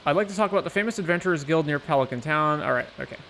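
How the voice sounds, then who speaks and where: A man's voice: a little high, lively intonation, racing, fairly bright tone, soft background music, rough recording. Chatty man streaming a game. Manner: chatty, explains game mods with fillers. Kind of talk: casual gameplay commentary.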